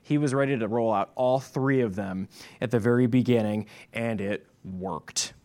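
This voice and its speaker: A pastor with a medium-pitched, darkish voice preaches a sermon at normal speed. He is emphatic, repeating his key points.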